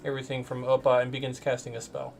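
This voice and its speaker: A man's voice: mid-range voice, monotone, fast, vocal fry, slight background noise. A man running a tabletop game as game master, tallying dice results and narrating what the enemies do. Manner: tallies rolls and narrates enemy actions. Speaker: dungeon master. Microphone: home microphone on a stream.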